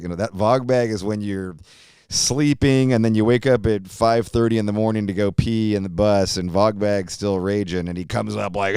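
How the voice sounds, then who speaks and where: A man's voice: on the low side, normal speed, darkish tone, smooth, no echo, studio quality. A middle-aged man hosting a podcast, talking in a chatty, joking, laid-back way with slang like "dude" and "man". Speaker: podcast host. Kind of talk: casual podcast monologue.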